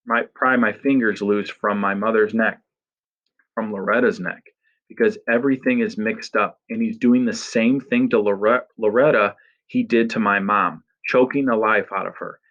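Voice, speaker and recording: Male audiobook narrator, intense dramatic delivery, somewhat low voice, dull muffled sound. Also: fairly bright tone. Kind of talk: first-person audiobook narration.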